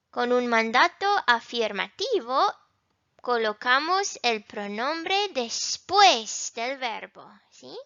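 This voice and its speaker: A woman gives an introductory language lesson with a high, bright voice that rises and falls a lot. She talks slowly and sounds words out with care. The recording is dry and a little dull. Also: dry recording. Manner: slow, careful modeling of Spanish words. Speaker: Spanish teacher.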